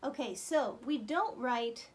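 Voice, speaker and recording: A woman's voice: on the high side, animated, takes it slowly. A woman fiddle teacher talking through a lesson in a chatty way, counting beats aloud as she explains. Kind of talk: friendly instructional talk.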